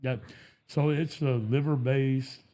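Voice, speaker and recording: A man's voice: medium pitch, steady tone, slow, mellow. A man, a podcast guest, telling laid-back stories in casual chat and laughing often. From Texas.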